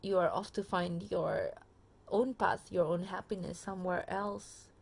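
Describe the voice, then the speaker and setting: A woman's voice: fairly low pitch, steady tone, a little slow, vocal fry, darkish tone, slightly rough. A tired woman giving a casual pick-a-card tarot reading to her viewers into a phone camera, chatty and full of fillers, speaking straight to the listener. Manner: chatty, many fillers and restarts, addresses viewer directly. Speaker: tarot reader.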